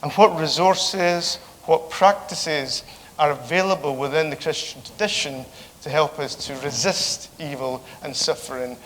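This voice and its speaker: Man lecturing in a reverberant hall. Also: fairly high pitch. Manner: relaxed, joking, halting with fillers. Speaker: theology professor giving a lecture. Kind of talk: conversational lecture. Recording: reverberant hall with faint background noise.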